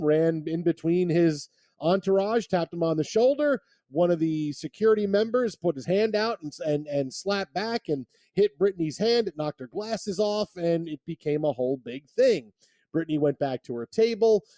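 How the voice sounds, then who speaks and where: A man's voice: fairly high pitch, mellow, dry recording, studio quality. A man hosting sports talk radio, rambling and often restarting his sentences. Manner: rambling, repeats words when restarting thoughts.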